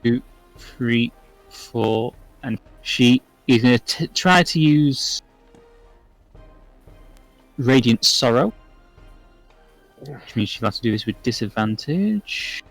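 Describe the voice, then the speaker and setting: Slow-talking man running a tabletop game. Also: mid-range voice, expressive, faint music behind. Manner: slow, apologetic, searching through notes. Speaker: game master.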